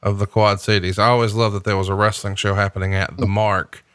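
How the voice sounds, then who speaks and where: A man with a lowish, bright and forceful voice hosts a casual podcast, commenting wryly on old wrestling footage. He chats with relaxed ease and laughs often. The sound is close and dry. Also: fast, dry recording. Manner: relaxed, wry, laughs easily. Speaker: podcast host.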